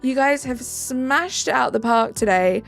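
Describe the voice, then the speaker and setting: With faint music behind her, a British streamer chats easily with her audience, reading their messages, replying, and offering thanks. She speaks a little slowly in a high voice touched with vocal fry.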